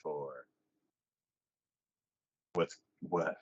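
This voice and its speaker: In a casual anime chat, a man retells an episode at a measured pace, bringing the characters' lines to life through pitch jumps. Dull lo-fi sound, dry, with no room sound.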